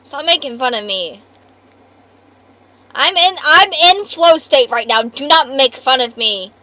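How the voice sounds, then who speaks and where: A woman's voice: high voice, expressive, a little slow, bright, forceful tone. A woman streamer in casual live-stream chat, trading profane, playful mock-angry banter.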